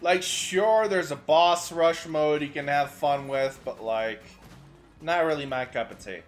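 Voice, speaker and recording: A young man streaming a game, chatting with his viewers as he plays and breaking into sudden excited outbursts. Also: on the high side, unhurried, faint music behind. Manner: chatty, answers chat while playing, sudden excited outbursts. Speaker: VTuber streamer. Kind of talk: gaming livestream commentary.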